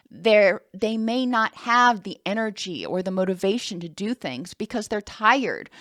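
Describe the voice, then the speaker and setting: Woman, counselor, educational talk, calm explanatory manner, dry recording. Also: mid-range voice, no echo. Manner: calm, explanatory, with occasional ums.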